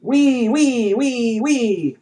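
A man voicing an ecstatic self-proclaimed male prophet who shouts in a shrill, frantic way. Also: very slow, full character voice. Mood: manic.

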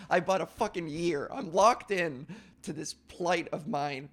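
A man co-hosting a podcast, talking casually with profane, joking, animated rants. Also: fairly high pitch, measured pace. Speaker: podcast co-host. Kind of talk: casual comedic chat.

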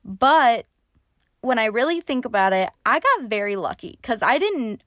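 A woman's voice: mid-range voice, expressive, a little slow, fairly bright tone, dry recording, studio quality. A young woman casually telling a story in a chatty, sarcastic way, swearing freely. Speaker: vlogger.

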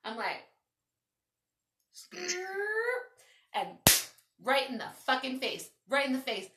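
A woman hosting a podcast, telling a story in a casual, animated, foul-mouthed way. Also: fairly high pitch, moderate pace, reverberant, distant mic, heavy background noise. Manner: animated, swearing, lots of "like". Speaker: podcast host.

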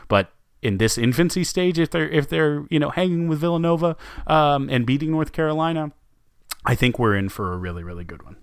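A man's voice: a little high, lively intonation, brisk, smooth, no room sound, studio quality. A man co-hosting a sports podcast, talking casually with lots of fillers and restarts. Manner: rambling, many fillers and restarts.

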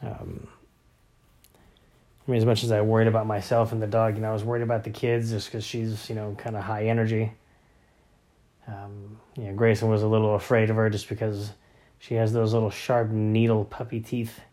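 A man's voice: lowish voice, monotone, brisk, mellow. A man in his thirties, a father, talking casually about his family in a rambling way with many fillers and restarts. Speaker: father of young boys. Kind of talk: casual family vlog talk.

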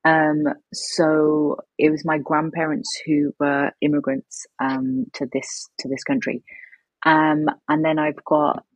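Woman, young adult, deep voice, breathy texture, halting casual chat with fillers. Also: flat delivery, dry recording, low-quality recording. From England. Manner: hesitant, many ums and restarts. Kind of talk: casual conversation.

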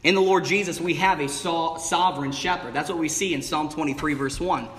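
Guy preaching a sermon, kinda high voice, long church echo, leans hard on key words. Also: a little fast, fairly bright tone. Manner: emphatic preaching cadence, stretching key words. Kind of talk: evening sermon. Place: church sanctuary. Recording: long reverb of a hall. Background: congregation calling out replies.

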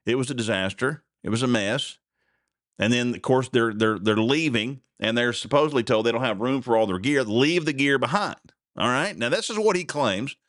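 A man's voice: mid-range voice, normal speed, fairly bright tone, no room sound, clean studio sound. A man hosting a solo commentary podcast, rambling and indignant, his voice jumping up sharply when he gets outraged. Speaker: podcast host. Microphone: desk mic with a censor button.

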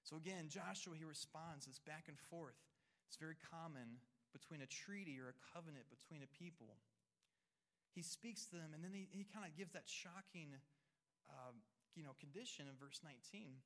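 A man's voice: on the high side, normal speed, a bit bright. A male pastor preaching a sermon, reading scripture and speaking earnestly to the congregation, often repeating and restarting words.

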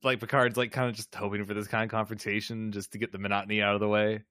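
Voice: mid-range voice, flat delivery, rapid-fire, fairly bright tone, no room sound, clean studio sound. A podcast co-host in casual chat, making wry, teasing asides about an episode.

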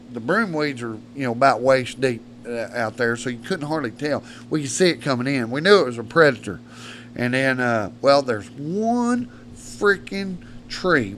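A man's voice: mid-range voice, a bit bright, slight background noise. A man, a guest telling long hunting stories in a rambling, salty, colloquial way. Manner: rambling, profane, colloquial storyteller. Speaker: guest, predator hunter. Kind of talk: casual storytelling chat.

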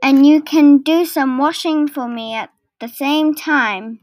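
Brief: a woman as a stern storybook barge woman, high-pitched, scornful, dry sound. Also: takes it slowly, darkish tone, no room sound. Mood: offhand. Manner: scornful, bossy.

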